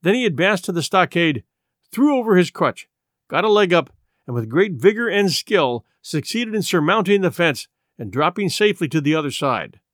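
A man narrating a classic adventure novel in an expressive storytelling manner. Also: high-pitched, normal speed, dry recording, studio quality. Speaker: audiobook narrator.

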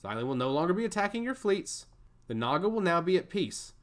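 A smug male schemer who taunts everyone around him and giggles as he talks. A man puts on this voice, pitched noticeably high and lively, for a storybook reading. It sounds sly and pleased with itself. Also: fairly quick. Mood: taunting. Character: smug scheming male god-touched servant.

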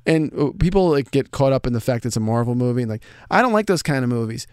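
Fast-talking enthusiastic male co-host. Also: mid-range voice, expressive, darkish tone, clean tone, dry recording, clean studio sound. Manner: quick, enthusiastic, repeats himself. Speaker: co-host reading listener mail. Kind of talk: casual chat.

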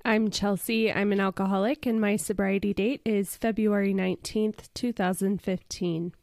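A young woman with a hoarse, raspy voice chats on a podcast, playful and quick to laugh. Her voice sits in a middle pitch and is recorded dry and close. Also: level tone, a little mellow, no room sound. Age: young adult. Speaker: podcast co-host. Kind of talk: casual chat.

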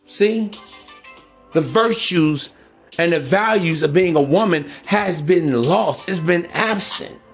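A man's voice: fairly high pitch, slow, gravelly, faint music behind. A man hosting a podcast, giving a blunt, preachy monologue full of slang and mocking put-on voices. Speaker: podcast host. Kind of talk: casual monologue.

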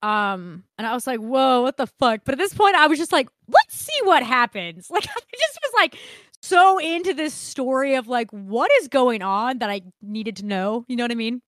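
Animated, swearing woman storyteller. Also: on the high side, moderate pace, dry recording, clean studio sound. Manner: animated, swearing, acts out quotes. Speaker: podcast co-host. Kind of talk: casual storytelling chat.

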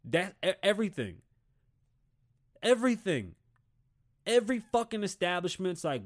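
A man's voice: sits high, big pitch swings, moderate pace, long pauses. A man in his thirties from Puerto Rico, hosting a podcast with a blunt, heated, swear-heavy rant. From Puerto Rican. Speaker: podcast host. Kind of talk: casual profane rant.

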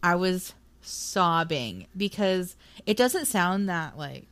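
A woman with a lowish voice chats casually as a podcast co-host. She gets emotional, laughs a lot and swears freely. The sound is close and dry. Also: lively intonation, slow pace, a bit bright, clean tone, no room sound. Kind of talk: casual book chat.

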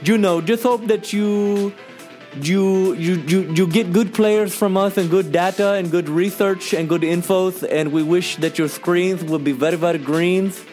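A man voicing an over-the-top podcast host with a put-on Spanish accent and deliberately broken, playful phrasing. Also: sits high, fairly even intonation, darkish tone, soft background music, voice pushed up. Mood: hammy.

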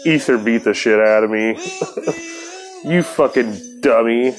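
A man's voice: mid-range voice, slow, faint music behind. A man telling a story from his past in a casual, laid-back way, cursing freely and laughing often.

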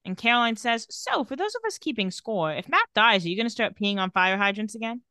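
A woman's voice: on the high side, expressive, fairly quick, pushed and bright, clear, resonant tone, no room sound, studio quality. A woman casually recapping a TV episode and reading the characters' lines with light sarcasm. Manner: retells scenes and reads quotes with light sarcasm. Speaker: podcast co-host recapping a TV episode.

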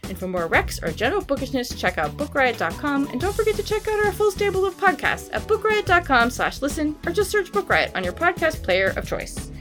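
A woman's voice: sits high, very animated, fairly quick, few pauses, over music. A woman co-hosting a book podcast, chatting casually and enthusiastically with many "like"s, while a bit sick. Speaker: podcast co-host.

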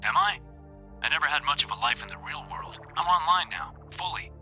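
Male narrator putting on a calm, creepy ghost of a young man, voice raised and hushed, faint music under it. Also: a little high, brisk, creaky, pitched above the performer's own voice, full character voice. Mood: eerie calm. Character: dead young man's ghost, eerie, calm.

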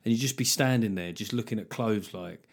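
A man's voice: on the low side, fairly quick, vocal fry. Wry middle-aged man riffing. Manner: wry, sweary, riffing with jokey asides and silly voices. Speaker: podcast host. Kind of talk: solo comedy podcast monologue.

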